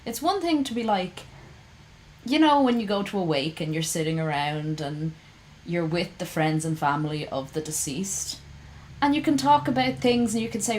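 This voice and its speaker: A woman's voice: on the low side, moderate pace, darkish tone, poor audio. A woman streamer giving casual reaction commentary to her chat, heated and ranting, swearing freely.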